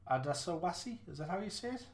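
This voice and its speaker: A man's voice: mid-range voice, moderate pace. A man livestreaming a snooker game, chatting casually and mocking his own play with rambling restarts. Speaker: gaming livestreamer. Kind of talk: casual live commentary while playing.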